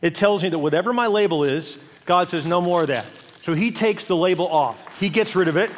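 Pastor guy preaching, high voice, big church echo, acts out what folks say in their heads. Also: a little fast, a faint crowd, slight background noise. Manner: animated preaching with acted-out inner voices. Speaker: senior pastor. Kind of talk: sermon. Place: large church hall. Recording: long hall reverb.

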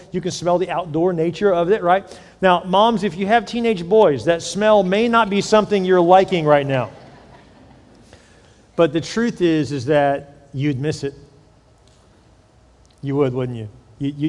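A middle-aged man preaching a sermon, talking to his congregation in a relaxed, conversational way with lively stories and repeated words. His voice sits a little high for a man. The sound rings out with the long reverb of a large church hall. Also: brisk. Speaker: pastor.

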